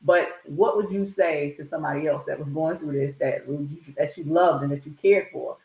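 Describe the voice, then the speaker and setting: A woman's voice: sits low, moderate pace, gravelly, mellow, reverberant, low-quality recording. A woman speaking on a church panel, eager and encouraging.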